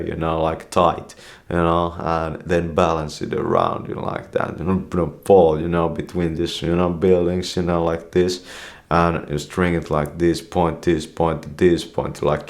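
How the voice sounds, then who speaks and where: Guy with a real low voice spinning a rambly story, tons of swearing and "you know"s. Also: darkish tone. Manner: meandering, swears constantly, "you know" after every phrase.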